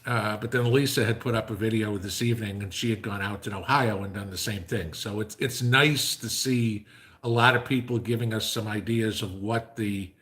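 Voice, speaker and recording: Low-voiced man hosting a casual livestream. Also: fairly even intonation, normal speed, fairly bright tone. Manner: rambling, filler-heavy, joke-telling. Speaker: livestream host.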